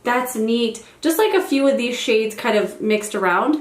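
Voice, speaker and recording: A woman's voice: on the high side, expressive, a little slow, roomy sound. A young woman chatting casually as a beauty vlogger in her bedroom, rambling with self-deprecating asides. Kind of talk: casual get-ready-with-me chat. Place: bedroom at home.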